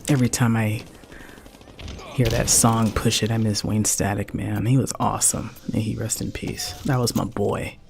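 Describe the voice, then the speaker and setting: A man's voice: on the low side, little pitch movement, normal speed, creaky, a little mellow, a little hiss or hum. A man in his forties streaming a game, rambling in a heartfelt way and dropping "man" and "like" often. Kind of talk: casual chat while gaming.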